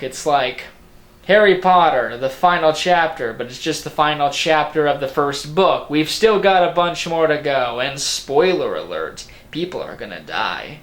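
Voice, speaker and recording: In a relaxed film review, a man with a fairly high, expressive, slightly bright voice talks at normal speed. He drifts into a Boston accent, wanders off topic, cracks sarcastic jokes and curses liberally, all with roomy room echo.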